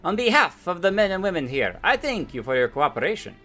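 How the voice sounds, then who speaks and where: A man's voice: sits high, big pitch swings, a little fast, pushed and bright, faint music behind, voice pushed up, heavily acted. A man reading out an earnest woman garrison commander from a game, declaiming in a mock-formal tone. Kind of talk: reading game dialogue aloud.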